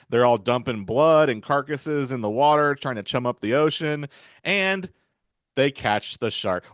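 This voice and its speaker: A man's voice: mid-range voice, lively intonation, moderate pace, a bit bright, clean tone, no room sound, clean studio sound. A man in casual podcast chat about a film, retelling scenes and acting out the characters' lines. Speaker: podcast guest.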